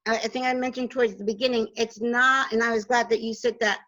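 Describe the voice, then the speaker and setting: A woman's voice: on the high side, steady tone, fast, fairly bright tone, muffled recording. A woman hosting a radio interview, encouraging her guest with frequent affirmations. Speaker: radio show host. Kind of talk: supportive interview chat.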